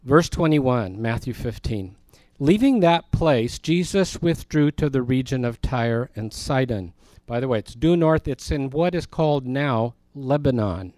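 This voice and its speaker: A man leads a Bible study, talking in an easy, conversational way. He stops to explain words and throws questions to his listeners. His voice is mid-pitched and sounds dry and close, with no room echo. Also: expressive, measured pace, hardly any pauses, a little mellow. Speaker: Bible teacher.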